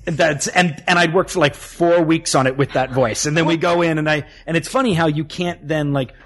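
A man's voice: fairly high pitch, fairly even intonation, a little fast, fairly bright tone. A man with a slight Southern US accent telling stories as a guest in a casual chat, laughing easily. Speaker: actor guest.

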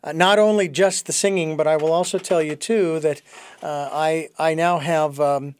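A man hosting a conversation, talking haltingly with many fillers and restarts. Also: fairly high pitch, steady tone, smooth. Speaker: host. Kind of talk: casual conversation.

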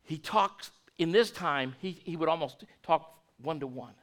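A man's voice: fairly high pitch, unhurried, a bit bright. A man preaching a sermon to his congregation in a folksy way, restarting words and asking the room questions. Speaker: pastor.

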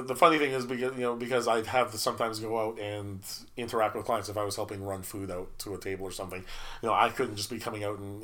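A man's voice: lowish voice, fairly bright tone. A middle-aged man telling work stories in casual chat, stumbling through restarts and repeated words and laughing often.

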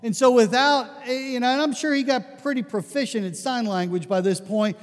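Male pastor, conversational sermon, animated storytelling, high-pitched, long hall reverb. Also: normal speed.

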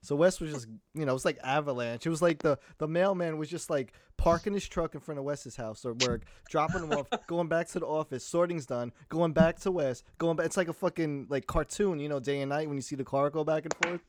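A man co-hosting a podcast, telling an animated, profane story with laughs in casual chat. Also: a little high, a little fast, hardly any pauses. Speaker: podcast co-host.

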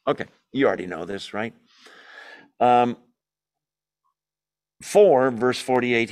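A man leading a Bible study, reading scripture aloud and commenting in a lively, emphatic way, often asking the group questions and answering them himself. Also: mid-range voice, unhurried, long pauses. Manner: emphatic, opinionated asides.

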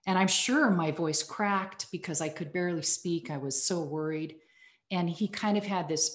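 A woman from the United States with a fairly low voice, recounting a childhood memory to her hosts in an earnest and animated way. Her voice carries noticeable echo from a roomy space. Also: moderate pace. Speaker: podcast guest, communications executive. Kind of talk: casual storytelling interview. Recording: echoey room.

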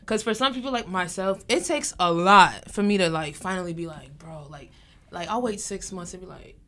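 Animated woman telling stories. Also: fairly low pitch, moderate pace. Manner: animated storyteller, acts out quotes in hushed voices. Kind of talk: casual group chat.

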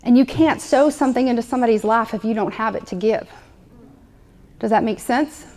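A woman's voice: on the high side, fairly quick, a little mellow. A woman preaching a sermon to a live congregation, conversational and playful, repeating her points often. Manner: conversational, repetitive, playful asides.

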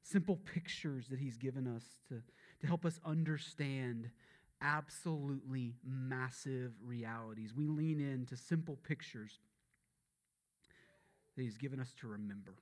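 A man with a Southern US accent preaching a sermon as pastor, building to emphatic peaks and then dropping to a low, solemn delivery. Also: measured pace.

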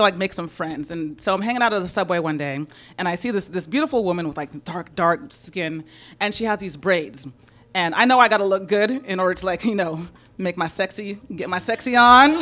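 A woman from San Francisco, United States, with a middle-pitched, slightly bright voice tells a personal story full of energy and expression. She laughs often and slips into quick voices for the people she quotes.

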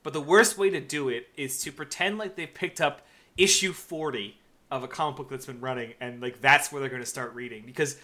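A man's voice: medium pitch, fairly quick, bright, forceful tone. A young man co-hosting a podcast, chatting casually about a movie, laughing often and swearing. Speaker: podcast co-host. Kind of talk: casual movie-review banter.

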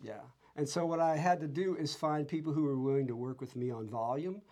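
A man who is a musician, talking casually about hearing protection in a relaxed, chatty way with frequent restarts. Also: a little high, brisk. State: has tinnitus from years of loud music. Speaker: musician guest. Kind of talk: casual conversation.

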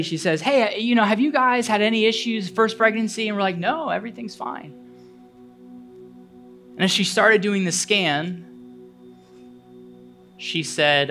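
A man's voice: high voice, a bit bright. Man, pastor, sermon, earnest personal story, fervent appeals, faint music behind.

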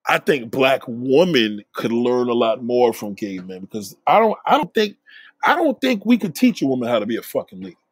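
A man's voice: mid-range voice, big pitch swings, a little fast, breathy edge, no room sound. A man talking in a blunt, profane casual rant, often repeating himself.

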